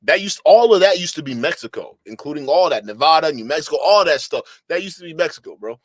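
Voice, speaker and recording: A man's voice: a little high, lively intonation, fast talker, dry recording. A man hosting a livestream, reacting to a clip with laughing, mocking, slangy commentary. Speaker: streamer host.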